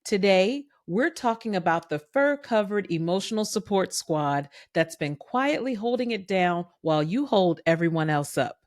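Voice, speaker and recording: A woman hosting a podcast, telling a personal story in a chatty, animated way and acting out the quoted voices. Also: mid-range voice, normal speed, few pauses, dry recording, clean studio sound. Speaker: podcast host.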